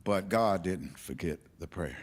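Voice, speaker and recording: A man shares a personal story before a live audience. His voice sits on the low side, and he speaks candidly and reflectively, pausing and restarting as he works through his memories. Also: expressive, slight background noise.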